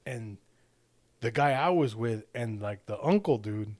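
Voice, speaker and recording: Casual swearing dad, dry close sound. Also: male voice, medium pitch, expressive, unhurried, darkish tone, no room sound. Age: young adult to middle-aged father. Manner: rambling, profane, keeps checking in with 'right?'. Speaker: podcast co-host. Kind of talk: casual storytelling.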